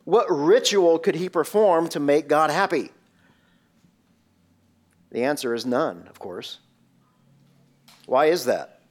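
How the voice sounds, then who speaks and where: A man's voice: a little high, animated, slow pace, pauses often. A male pastor preaching a sermon, emphatic and full of rhetorical questions.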